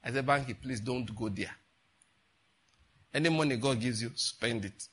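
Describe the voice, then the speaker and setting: Older pastor, bright and husky; conversational sermon with many asides. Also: male voice, medium pitch, normal speed. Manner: conversational preaching with rhetorical questions and asides.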